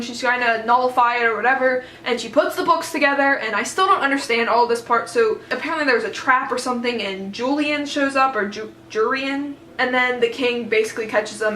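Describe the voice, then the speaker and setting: A woman retelling a book in a casual, excited, rambling way, full of fillers. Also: on the high side, roomy sound, slight background noise, rough recording. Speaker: book vlogger.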